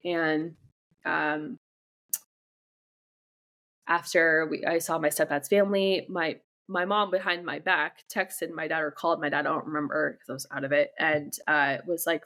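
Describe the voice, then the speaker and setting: A young woman sits for a frank, personal interview, her voice low and edged with vocal fry. She speaks bluntly and swears without a second thought. She keeps breaking off mid-sentence and starting over as she works through her story. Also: sharp tone. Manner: candid, blunt, swears freely; halting, restarts sentences often. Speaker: interview guest.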